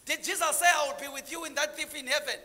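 A man preaching with a strikingly high, bright voice. He draws call-and-response from the congregation and moves between low murmured asides and shouted lines. The sound rings with the long reverb of a church hall. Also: fairly even intonation, fast. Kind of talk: sermon.

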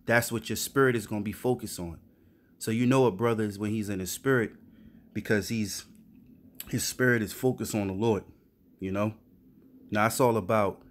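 Dude with a lowish voice reading bible verses then breaking em down in slang, keeps saying man. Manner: reads verses then riffs in slangy street talk, says "man" a lot. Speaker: street preacher. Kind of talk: informal scripture teaching.

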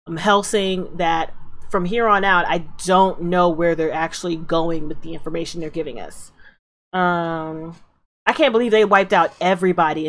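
A woman hosting an anime reaction video, chatting casually and drowsily, swearing and trailing off. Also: fairly low pitch. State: drowsy, yawning.

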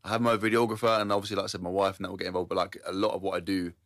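Give me a podcast guest speaking fast in a low voice, rambling casually and agreeing often. His voice is close and dry, with no room sound. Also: flat delivery, fairly bright tone, no room sound. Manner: rambling, many fillers and agreeing "yeah"s.

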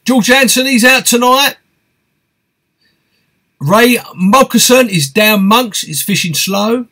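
A man's voice: very high-pitched, slow, bright, forceful tone. A man hosting a live stream, reading out viewer comments and answering them in a chatty, friendly way. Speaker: host of a fishing live stream.

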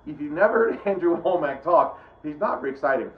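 A man's voice: fairly high pitch, expressive, fast talker, a crowd in the background. A middle-aged man giving a casual, rambling Bible teaching, often breaking off and restarting his sentences. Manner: rambling, conversational, self-interrupting. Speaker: preacher. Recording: roomy, dull lo-fi sound.

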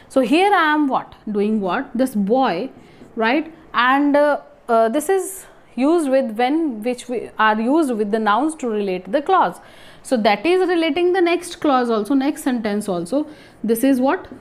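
A young woman with a fairly high voice leads a grammar lesson. She keeps asking questions and answering them herself, with restarts and fillers as she explains. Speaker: English grammar teacher. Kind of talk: classroom lesson.

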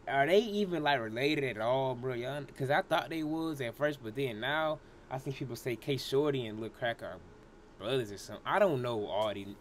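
A man's voice: medium pitch, slight background noise. A man hosting a casual reaction video, slangy, laughing often and talking straight to his viewers. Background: hip hop track playing faintly.

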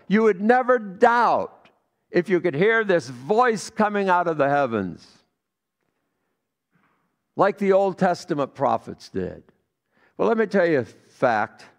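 Gravelly-voiced pastor preaching a sermon. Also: male voice, a little high. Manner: storytelling, swings from hushed to emphatic.

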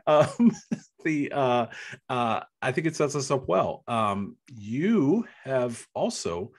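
A man hosting a podcast interview in a relaxed tone, with frequent laughs and many hesitant "um"s. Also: mid-range voice, slow. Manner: laughs easily, hesitant fillers. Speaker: podcast host. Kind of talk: casual interview.

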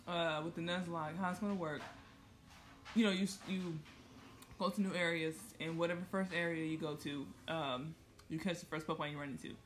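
A woman's voice: fairly low pitch, steady tone, a little fast. A woman hosting a gaming channel, giving chatty, joking let's-play commentary and reacting aloud to the game.

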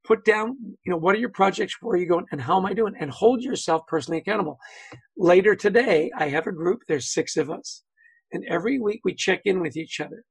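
A man's voice: high voice, fast, gravelly, breathy edge, no echo, rough recording. A man speaking as a guest on a video-call webinar, telling anecdotes, acting out quotes and saying "you know" often. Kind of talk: conversational webinar talk.

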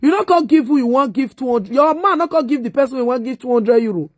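A woman's voice: high-pitched, animated, quick pace, no room sound, studio quality. A middle-aged Nigerian woman vlogger delivering a mocking, insulting rant. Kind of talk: ranting monologue.

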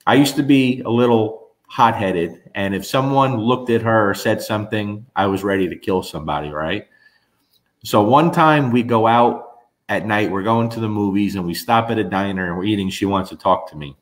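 A man's voice: on the low side, normal speed. A middle-aged man from New Jersey telling stories in a casual chat with viewers, rambling with restarts. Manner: animated storyteller, rambling restarts. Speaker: host.

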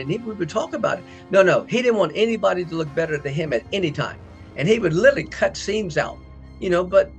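A middle-aged man, an actor, telling lively behind-the-scenes stories and acting out quotes. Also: gravelly. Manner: acts out quoted dialogue with big pitch jumps. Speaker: actor interviewed about a past film. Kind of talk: animated anecdotal storytelling.

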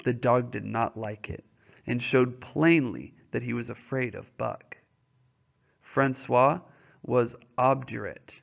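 Speaking slowly at medium pitch with vocal fry, a man teaches a class by reading a novel aloud and walking students through it. He's patient and informal, frequently checking comprehension with questions, and the recording is dull and lo-fi.

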